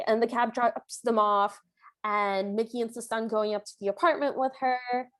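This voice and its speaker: Her voice is a little high, steady, and fairly bright, at a normal speed. As a podcast co-host recapping a film, she chats casually, her storytelling full of filler words and lots of "like."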